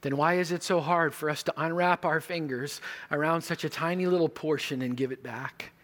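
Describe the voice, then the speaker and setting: A male pastor preaching a sermon, telling stories and moving between quiet moments and loud emphasis. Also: a little high.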